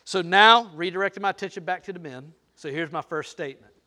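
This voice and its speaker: A man's voice: sits high, fast talker, pushed and bright. An older man preaching a sermon, playful and teasing, talking straight to the crowd. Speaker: pastor.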